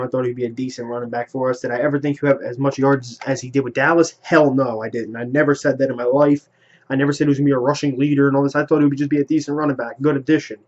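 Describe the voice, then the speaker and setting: A man's voice: medium pitch, a little mellow. A man delivering an angry, profane rant as a sports fan commentating on his team's trades. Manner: heated, profane, rapid-fire ranting. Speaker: sports vlogger. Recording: lo-fi home recording.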